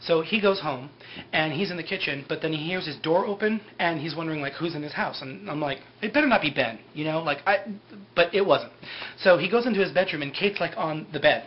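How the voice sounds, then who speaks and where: A man's voice: a little high, a little fast. A man casually recapping a TV episode in a loose, rambling way, full of "like" and "you know". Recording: dull lo-fi with faint hiss.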